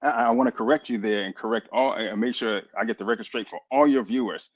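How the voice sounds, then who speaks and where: A man in his fifties from Boston, a military chaplain telling his story as a radio interview guest, lively and full of acted-out dialogue. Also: mid-range voice, fast. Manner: animated, lively storyteller who acts out dialogue. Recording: dull lo-fi radio audio.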